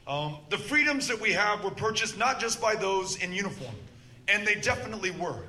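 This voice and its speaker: A man answering a question at a town hall, measured and earnest with frequent filler pauses. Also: sits high, very animated, bright, forceful tone, slight background noise. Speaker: politician.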